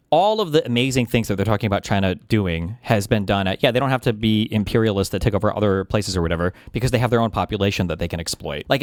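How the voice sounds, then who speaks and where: A man's voice: on the low side, dry recording, clean studio sound. A man in his thirties giving blunt, dismissive live-stream commentary, swearing freely. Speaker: streamer reacting to a clip.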